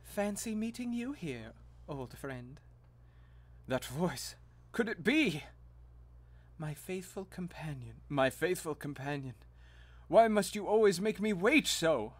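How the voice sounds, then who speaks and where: A man voicing a pompous, melodramatic gentleman adventurer who speaks in florid, old-fashioned phrases. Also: on the high side, lively intonation, slow. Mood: dramatic.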